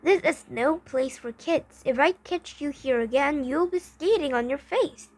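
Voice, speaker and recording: A woman's voice: high-pitched, measured pace. A woman reading aloud, voicing a mean teenage boy bully in a children's storybook with a snapping, sneering manner.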